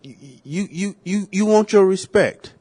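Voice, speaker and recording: A man's voice: high voice, unhurried, mellow, breathy edge. A man co-hosting a podcast in casual chat, blunt and opinionated with lots of slang and swearing. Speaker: podcast co-host.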